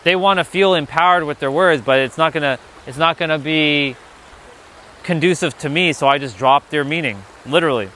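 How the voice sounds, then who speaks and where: A man's voice: a little high, moderate pace, sharp tone, a little hiss or hum. A man hosting a casual spiritual livestream, rambling loosely, reading the chat and swearing now and then.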